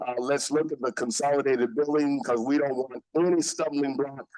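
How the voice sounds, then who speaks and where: A man's voice: medium pitch, fairly even intonation, moderate pace, darkish tone, no echo, low-quality recording. A man giving a public comment at a city council meeting in an earnest, persuasive, appreciative way. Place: council chamber.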